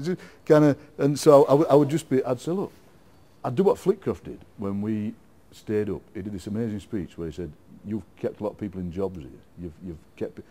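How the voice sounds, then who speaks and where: Man, Yorkshire accent, middle-aged, mellow and warm tone, rambling, playful, laughs often, casual interview chat. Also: medium pitch. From England. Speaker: guest poet.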